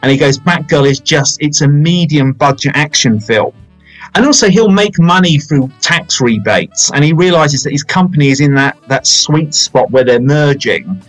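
A man's voice: fairly high pitch, animated, normal speed, soft background music, rough recording. Chatty rambling man in his forties. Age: 40s. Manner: chatty, rambling, self-mocking. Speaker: podcast host. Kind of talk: casual film chat.

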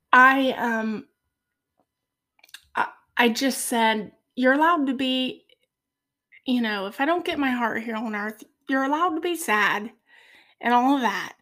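A middle-aged woman speaking as a podcast guest in a heartfelt faith conversation, earnest and soft-spoken. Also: fairly high pitch, unhurried, long pauses.

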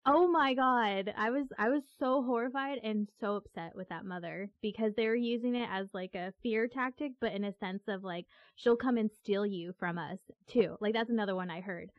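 A woman hosting a casual chat, animated and quick to exclaim. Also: medium pitch, no echo. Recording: dull, lo-fi audio with faint music.

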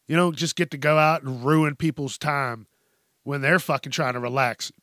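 A man's voice: on the high side, fairly even intonation, normal speed, bright, forceful tone, no room sound, clean studio sound. A young man, a podcast host, delivering an exasperated, profanity-heavy comedic rant about working in restaurants. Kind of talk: ranting comedic monologue.

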